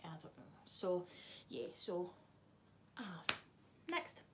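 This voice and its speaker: A woman's voice: lowish voice, expressive, takes it slowly, very noisy. A young woman, chatting casually to camera in a vlog, swearing freely and teasing someone off camera. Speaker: vlogger. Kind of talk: casual chat.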